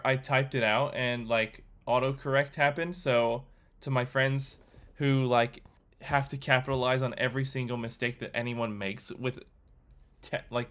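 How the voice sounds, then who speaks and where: A young man from Australia chatting casually while learning to code, rambling and quick to get excited. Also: medium pitch. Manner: rambling, excitable, swears when surprised. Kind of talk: casual chat.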